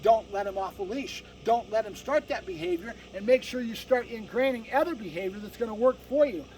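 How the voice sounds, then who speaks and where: A man's voice: high-pitched, brisk, darkish tone. A man working as a dog trainer, explaining training to owners in an emphatic, lecturing way, often checking in with "right?". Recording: distant mic with faint background noise.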